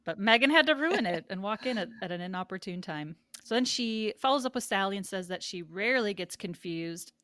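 A woman hosting a podcast, walking listeners through an episode in a loose, chatty recap full of "like". Her voice sits at a middling pitch, recorded close and dry with no room sound. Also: expressive, brisk, hardly any pauses, a bit bright, no echo. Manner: chatty storytelling, frequent "like". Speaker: podcast host.

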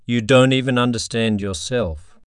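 A man reading a cruel, taunting inner voice in a cold, steady way, for an audio story. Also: mid-range voice, normal speed, clean tone, no echo, clean studio sound, natural voice. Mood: bleak.

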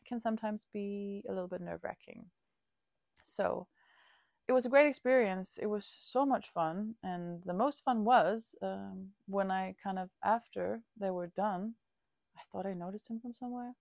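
A woman hosting her own podcast tells a personal story in a candid, chatty way, full of fillers. Her voice sits low with a gravelly, creaky edge. The recording is close and dry. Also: darkish tone, no echo. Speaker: podcast host.

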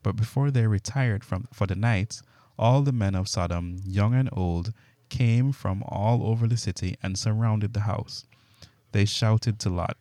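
A man reading scripture aloud in a steady, measured way. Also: on the low side, dry recording. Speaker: Bible reader.

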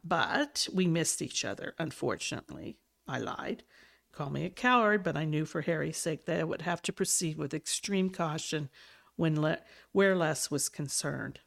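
A woman's voice: on the low side, vocal fry. A woman podcast host reading a novel aloud with expression and small self-corrections, then chatting casually about it. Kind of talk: audiobook-style reading, then casual chat.

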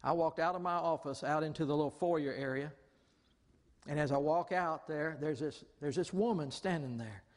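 A man preaching a lively storytelling sermon in a large church hall, exclaiming often and acting out the people he quotes. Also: on the high side, normal speed. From Southern United States. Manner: animated, exclaims often, acts out quoted voices. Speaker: pastor. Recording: long hall reverb.

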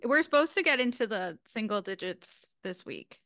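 A woman's voice: fairly high pitch, lively intonation, normal speed, pushed and bright, dry recording, studio quality. A woman co-hosting a podcast from home in casual chat, bubbly and rambling, often breaking into laughs. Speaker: podcast co-host. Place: at home in Boston.

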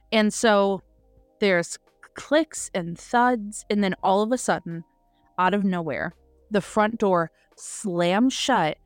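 Brief: woman co-host, lively dramatic retelling, mid-pitched voice, dry close sound. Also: clear, resonant tone, dry recording. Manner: animated retelling with acted-out quotes and swearing. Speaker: podcast co-host. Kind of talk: casual book review chat.

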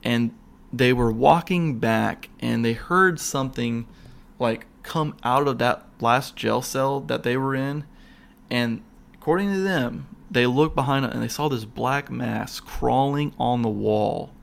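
A man recounts a paranormal investigation in a loose, excitable ramble. His voice carries a gravelly rasp at a middle pitch, and he trips over restarts and fillers as the story tumbles out. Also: a little slow. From Florida. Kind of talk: casual ghost-hunt storytelling.

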